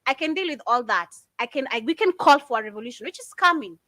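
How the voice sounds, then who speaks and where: A woman's voice: sits high, lively intonation, quick pace, pushed and bright, no echo. A woman giving impassioned commentary, fiery and indignant, firing off rhetorical questions. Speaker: commentator reacting to videos.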